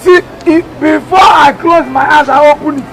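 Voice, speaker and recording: A man's voice: very high voice, normal speed, creaky, very noisy. An actor playing a proud, short-tempered village king in a comedy skit, speaking with a Nigerian accent in a blustering, threatening way. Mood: raging. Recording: outdoor take with loud crowd.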